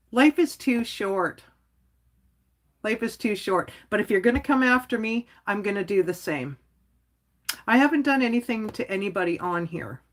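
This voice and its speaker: A fairly bright, mid-range voice belongs to a woman running her own livestream. She's frank and easygoing, rambling on with frequent "like"s and chuckling as she goes.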